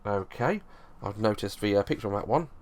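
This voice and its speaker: A man's voice: lowish voice, lively intonation, brisk. Casual man explaining a board game. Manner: loose, rambling explanation with frequent restarts.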